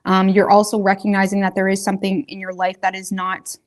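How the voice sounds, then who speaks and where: A woman's voice: mid-range voice, completely flat delivery, a little fast. A woman giving a casual tarot reading, talking straight to her viewers in a loose, rambling, colloquial way. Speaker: tarot reader.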